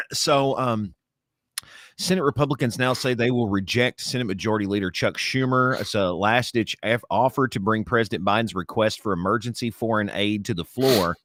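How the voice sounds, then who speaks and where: A man co-hosting a casual podcast, reading news aloud and ranting loudly. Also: fairly low pitch, moderate pace, no echo. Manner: rambling, reads news aloud, then rants loudly. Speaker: podcast co-host.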